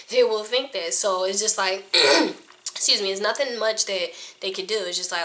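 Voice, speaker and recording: A woman's voice: on the high side, animated, normal speed, fairly bright tone. A woman who coaches actors and judges auditions, giving casual, frank advice to the camera and laughing often. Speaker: acting coach and casting judge.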